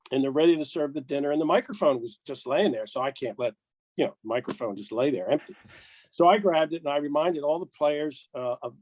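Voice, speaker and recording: Older American man, raised voice, dry close recording; lively guest spinning anecdotes, acts out both sides. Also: a little high, no room sound, low-quality recording. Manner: animated storyteller, acts out dialogue, chuckles. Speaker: podcast guest, golf rules official. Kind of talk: casual anecdote telling.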